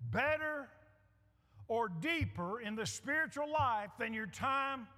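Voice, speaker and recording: Hall reverb surrounds this middle-aged male preacher, whose voice is extremely high, bright and forceful. His sermon leans on emphatic repetition and call-and-response with the congregation.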